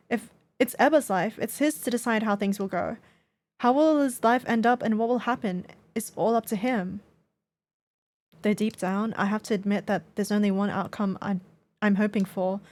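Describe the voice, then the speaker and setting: A woman streaming as she reads a visual novel aloud, narrating steadily and then breaking into loud, laughing outcries. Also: mid-range voice.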